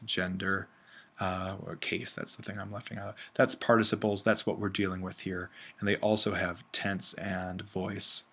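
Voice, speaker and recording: A man's voice: sits low, fairly bright tone. A man teaching a recorded language lesson, thinking aloud with many fillers and self-corrections. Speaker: Greek instructor. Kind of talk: casual recorded lecture.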